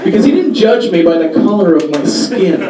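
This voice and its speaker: A young man performing stand-up comedy in a halting, deadpan way, with many pauses and fillers, on a club stage before a live audience. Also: high-pitched, very noisy. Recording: echoey room, far mic, crowd laughter.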